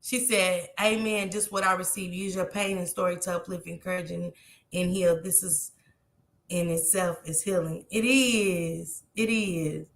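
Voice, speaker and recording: A woman's voice: fairly low pitch, steady tone, a little slow, echoey room. A tearful woman, talking heartfelt and repetitive to her viewers on a live stream.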